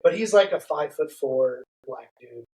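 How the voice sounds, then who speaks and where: A man's voice: fairly high pitch, normal speed, low-quality recording. A middle-aged man casually telling a story on a podcast, laughing and acting out what people said. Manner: animated, laughing, acts out quotes. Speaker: podcast guest.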